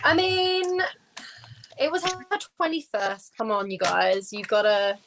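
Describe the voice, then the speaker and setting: A woman co-hosting a casual podcast, animated and quick to react. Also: medium pitch, background noise. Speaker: podcast co-host.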